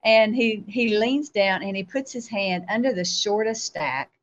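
A woman, a guest in an interview, telling a personal story in a halting, rambling way full of fillers. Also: mid-range voice, highs cut off.

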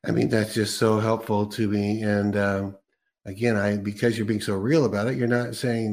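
A man hosting a relaxed faith interview in an ordinary middle-pitched voice. He chats loosely, laughing often and filling pauses with ums and restarts. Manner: chatty, laughs often, many fillers and restarts. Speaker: host.

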